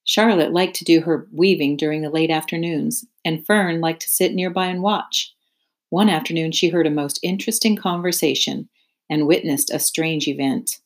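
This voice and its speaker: Teacher lady reading a kids chapter book out loud, lowish voice, clear and expressive. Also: normal speed. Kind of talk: storybook read-aloud.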